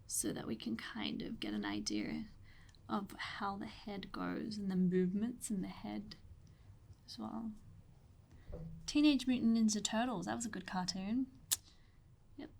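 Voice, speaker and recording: A young Australian woman walks through an ink drawing step by step. Her voice sits at a middling pitch, and her talk wanders through fillers, jokes at her own expense and side stories, often softening to a near murmur as she focuses on the page. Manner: rambling, chatty, self-deprecating with asides and fillers. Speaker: artist demonstrating a drawing. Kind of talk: casual drawing tutorial.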